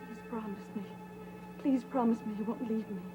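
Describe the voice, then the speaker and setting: A woman's voice: high voice, lightly acted. An actress playing a frightened young woman who stammers and begs not to be left alone. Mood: pleading. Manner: halting, pleading, stammering. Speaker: frightened patient in bed. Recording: dull, phone-like lo-fi sound with music.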